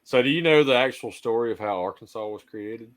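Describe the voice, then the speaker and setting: A man's voice: medium pitch, fairly quick. A man with a Southern US accent, co-hosting a casual podcast and telling jokey stories. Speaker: co-host.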